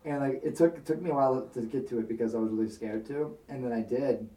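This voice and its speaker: A man's voice: medium pitch, quick pace, mellow, recorded from a distance. A young man telling a rambling, profane personal story in a casual chat. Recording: echoey room, off-mic.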